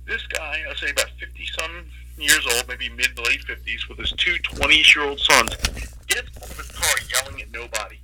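Profane, animated man telling a story. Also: mid-range voice, moderate pace, a little hiss or hum, poor audio. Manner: profane, animated anecdote with quoted voices. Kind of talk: casual storytelling.

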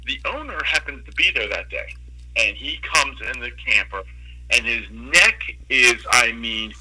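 A man's voice: medium pitch, a little slow, poor audio. A man telling a long, profane story in casual talk, acting out the people in it as he goes. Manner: profane, animated anecdote with quoted voices.

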